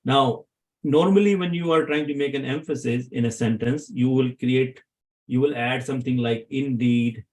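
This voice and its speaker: A man's voice: medium pitch, normal speed, a little mellow, low-quality recording. A man teaching Arabic grammar to a class, often asking his students questions to check they follow.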